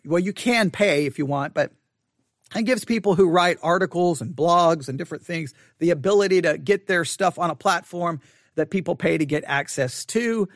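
High-voiced man rambling through commentary. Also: fairly bright tone, no room sound, studio quality. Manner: rambling, frequent restarts and self-corrections. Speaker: Christian commentator. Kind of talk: casual spoken commentary.

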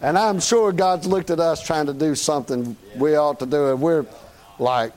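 A man's voice: a little high, normal speed, a little mellow. A middle-aged man with a Southern US accent preaching a sermon in a folksy, joking way, chuckling as he goes. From Southern United States.

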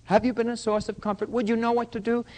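An older man preaching a sermon as pastor, dropping to a hush and then rising to loud, pressing questions at his congregation. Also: extremely high pitch, flat delivery, fast talker, poor audio. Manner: swings from hushed to loud preaching.

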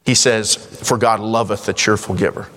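Pastor preaching with long church reverb. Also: male voice, on the low side, steady tone, fairly bright tone. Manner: reads scripture in slow King James cadence, then bursts out in rising emphasis. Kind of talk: sermon. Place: church sanctuary.

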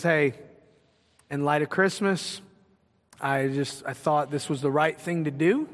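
Pastor, male, higher-pitched, conversational sermon that builds in emphasis; church hall reverb. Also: fairly bright tone. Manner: conversational preaching with rising emphasis.

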